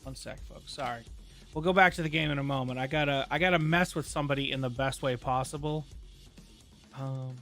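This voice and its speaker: A man's voice: medium pitch, fairly quick, sharp tone, faint music behind. A man streaming a game live, chatting casually to his viewers in a rambling way, full of joking asides. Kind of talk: casual gaming stream chat.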